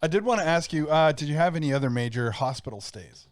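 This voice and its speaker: Joking co-host, man with a high, lively voice, quick quips. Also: no echo, studio quality. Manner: joking, laughs often, throws in quips. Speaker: podcast co-host. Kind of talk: casual chat.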